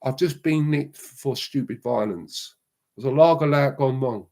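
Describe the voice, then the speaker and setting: A middle-aged man, a show guest rambling through slangy, lively anecdotes in casual chat. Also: medium pitch, moderate pace.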